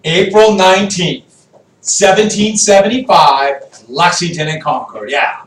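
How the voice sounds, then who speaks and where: A man teaching a history lesson to a class, lively and jokey, quizzing his students as he goes. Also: sits high, a little slow. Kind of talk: classroom lecture with student questions. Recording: echoey classroom, voice from far off.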